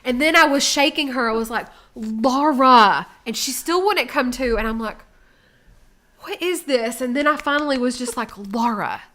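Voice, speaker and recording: A woman co-hosting a casual chat, telling a story with lively acted-out quotes that rise in volume. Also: sits high, moderate pace. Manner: animated, acts out quotes with rising volume. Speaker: co-host.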